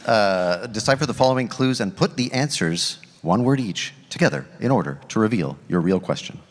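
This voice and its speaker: A man's voice: fairly low pitch, lively intonation, moderate pace. A man reading fan questions aloud and trading dry, wry quips at a live panel. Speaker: panel host. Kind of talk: casual panel banter. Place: convention hall stage. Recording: long hall reverb.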